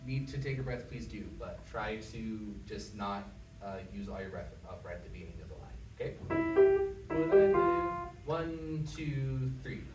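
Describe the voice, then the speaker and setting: A man's voice: fairly low pitch, steady tone, brisk, loud music behind the voice. A man giving a one-on-one singing lesson, patient and encouraging, talking with many fillers. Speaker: voice teacher. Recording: echoey room, mic far off, background noise.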